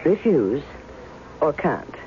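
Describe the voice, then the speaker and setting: An actress playing a guarded woman testing a man who claims to be her ex-husband in a 1970s radio drama, cool and sharp. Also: low voice, very animated, slow pace, a little hiss or hum, heavily acted. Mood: accusing. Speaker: radio drama actor and first-person narrator. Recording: tinny old radio broadcast with faint music.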